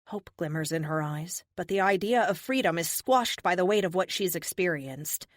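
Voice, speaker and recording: Animated woman narrating an audiobook. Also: lowish voice, normal speed, few pauses, dry recording, clean studio sound. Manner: expressive, animated. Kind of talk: first-person audiobook narration.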